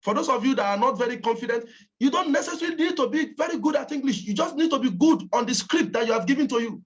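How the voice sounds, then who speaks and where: Speaking fast with lively intonation, a high-voiced Nigerian-accented woman coaches campaign callers in a motivational training talk. She's emphatic, repeating points to drive them home, and the recording is dull and lo-fi.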